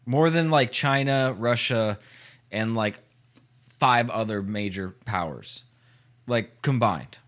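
A man's voice: fairly low pitch, takes it slowly, fairly bright tone. A man hosting a podcast, chatting loosely and reading a gaming article aloud with stumbles and laughs. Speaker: podcast host.

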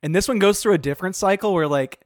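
A man's voice: high-pitched, quick pace, no echo, clean studio sound. A young adult man co-hosting a podcast, chatty and wry with plenty of fillers. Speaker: podcast co-host. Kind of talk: casual chat.

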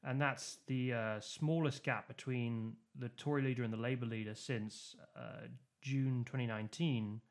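A man's voice: medium pitch, fairly even intonation, moderate pace, hardly any pauses. Chatty man explaining politics. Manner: explains at length, many fillers and restarts. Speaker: podcast co-host. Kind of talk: casual political chat.

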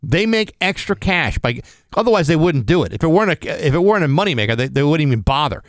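A man's voice: on the high side, very animated, fast talker, no room sound. A man co-hosting a morning radio show, chatting casually and reading station IDs and sponsor plugs from a studio microphone.

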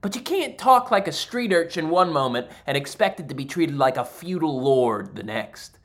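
Male comedian, stand-up storytelling, animated, big pitch swings, exasperated rants. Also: normal speed. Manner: animated, exasperated, deadpan asides.

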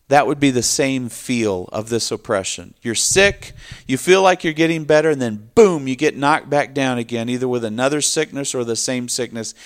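A man preaching a morning sermon in an animated, emphatic style. His pitch sits in the middle range, and he swings his voice up and down to drive points home while he speaks straight to his listeners. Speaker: pastor.

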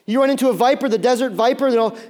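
A man in his thirties delivers a sermon in a high voice. He tells stories animatedly, jumping into little acted-out voices, with many fillers and restarts. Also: rapid-fire, darkish tone. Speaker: pastor.

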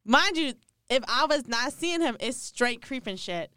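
A woman co-hosting a podcast, telling a story in animated, slangy casual chat with frequent laughs. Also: sits high, a little slow, clear, resonant tone, no room sound. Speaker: podcast co-host.

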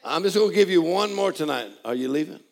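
An older man preaching a sermon, joking folksily and building to shouted praise. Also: on the high side, animated, quick pace, gravelly. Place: church hall. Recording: live church audio with crowd. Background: congregation laughing and responding.

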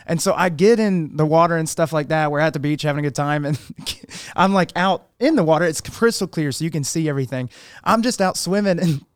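Young man, animated storyteller, clear smooth voice, dry close sound. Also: on the high side, fairly quick, dry recording. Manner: animated, laughs through his stories. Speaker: podcast co-host. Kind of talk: casual storytelling chat.

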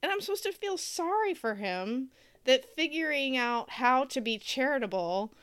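A woman's voice: on the high side, a bit bright, clean tone, no room sound. A woman co-hosting a casual talk show, ranting sarcastically and laughing as she talks. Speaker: podcast co-host. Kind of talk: casual chat.

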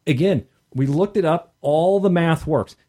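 A man co-hosting a casual tabletop gaming podcast, explaining his research and trading quick teasing banter. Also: fairly high pitch, dark tone. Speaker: podcast co-host. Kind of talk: casual roundtable chat about tabletop gaming.

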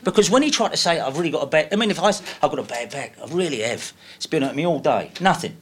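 Animated man telling anecdotes. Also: a little high, quick pace, breathy edge. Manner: animated storyteller, laughs through his stories. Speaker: guest.

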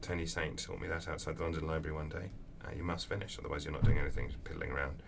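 Very deep-voiced man, distant mic. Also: racing, gravelly. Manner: animated storyteller, acts out voices in anecdotes. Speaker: author guest. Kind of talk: interview answers. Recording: distant mic with faint background noise.

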